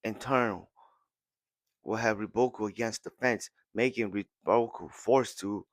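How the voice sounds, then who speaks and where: A man hosting a podcast who recaps a comic chapter with excitement, repeating words and acting out lines. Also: fairly low pitch, measured pace, no room sound. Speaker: podcast host.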